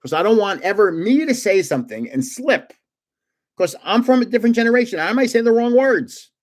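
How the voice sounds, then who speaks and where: A man's voice: high voice, expressive, brisk. Chatty older man. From North Jersey, United States. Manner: chatty, rambling, chuckles often. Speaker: livestream host. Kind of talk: casual live-stream chat and storytelling.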